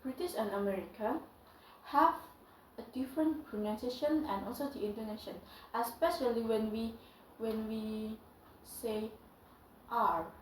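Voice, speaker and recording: A young woman with an Indonesian accent teaching English, switching back and forth between English and Indonesian in halting phrases. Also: on the high side, fairly even intonation, distant mic, a little hiss or hum. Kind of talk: bilingual lesson. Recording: echoey room, voice from off-mic.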